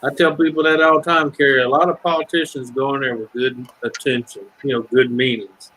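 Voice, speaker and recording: Middle-aged man, Southern US accent, husky, casual rambling livestream chatter. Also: medium pitch, flat delivery, fairly quick, a bit bright, low-quality recording. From Ohio. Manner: rambling, swears freely, breaks into singing lines. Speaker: livestream chat guest. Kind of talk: casual chat.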